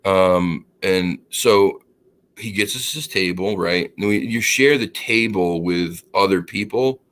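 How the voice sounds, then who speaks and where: A man chatting casually on a podcast, telling an anecdote and acting out the dialogue with lively quoted voices. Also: deep voice, takes it slowly. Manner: animated, acts out quoted dialogue; laughs while telling the story. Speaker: podcast co-host. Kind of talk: casual storytelling chat.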